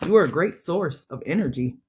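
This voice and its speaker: A woman giving a casual tarot reading straight to her viewers, animated and slangy, often laughing and playing out what people say. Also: deep voice, brisk, a little hiss or hum. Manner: animated, chatty, addresses viewers directly; frequent laughs and acted-out quotes. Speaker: tarot reader.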